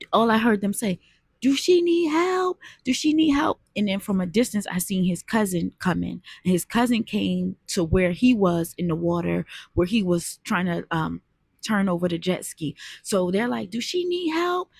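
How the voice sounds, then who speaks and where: Gravelly-voiced woman telling a story. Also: fairly low pitch, darkish tone, dry recording, studio quality. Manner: earnest, conversational, addresses viewers as "y'all". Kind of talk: casual storytime monologue.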